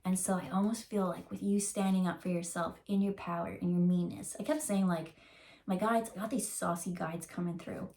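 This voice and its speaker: A woman giving a casual channeled tarot reading, rambling and emotional, with many fillers, and slowing down to stretch out key words. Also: on the low side, steady tone, mellow. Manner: rambling and emotional, full of likes and ums, slows to drag out key words. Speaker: tarot reader.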